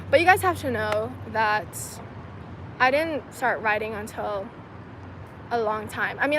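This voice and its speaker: A young woman from China chatting casually to a livestream, rambling and filling her talk with "like". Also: on the high side. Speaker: streamer answering chat questions. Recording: outdoor street and traffic noise.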